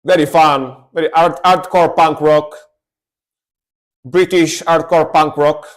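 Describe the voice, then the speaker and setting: A man with a somewhat high-pitched voice chatting casually on a live stream as he reacts to songs. He talks with easygoing enthusiasm, says his points twice over and drops in the odd swear word. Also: fairly even intonation, slow pace.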